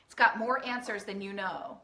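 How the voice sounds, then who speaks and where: A woman coach talks to her online audience in an earnest, emphatic way, slipping into the inner voices she describes. Her tone is bright and forceful. The room around her is echoey. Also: mid-range voice, moderate pace. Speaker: weight-loss coach. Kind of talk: live-streamed coaching talk.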